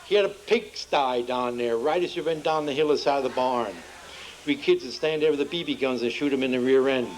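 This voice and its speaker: A man's voice: brisk, slight background noise, low-quality recording. A man telling folksy jokes to a festival audience, acting out the characters' lines as he goes. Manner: homespun storyteller, acts out dialogue with shifting pitch. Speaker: joke teller. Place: outdoor festival.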